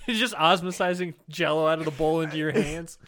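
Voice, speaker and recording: A young man with a high, bright voice trades jokes on a comedy podcast. His delivery is forceful and playful, and swearing and laughter run all through his casual banter. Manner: joking, profane, quick to laugh. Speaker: podcast co-host.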